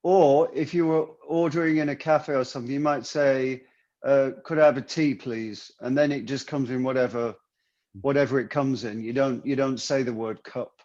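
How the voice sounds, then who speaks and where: A man with an English accent, a singer who is a guest on a video call, friendly and relaxed in casual chat. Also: mid-range voice, normal speed. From London, England. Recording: dull, muffled video-call audio.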